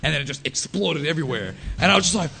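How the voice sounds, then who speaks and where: A man's voice: fairly high pitch, rapid-fire, creaky, breathy edge. A man in his thirties, a podcast guest, telling a rowdy story in casual chat with lots of swearing and laughter. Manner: animated, profane, laughing storyteller.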